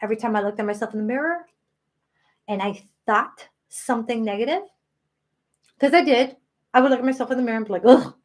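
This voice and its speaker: A woman's voice: on the high side, quick pace, long pauses. A woman in her late thirties hosting a live stream, talking earnestly and emotionally about self-worth. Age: 30s. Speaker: spiritual channel host.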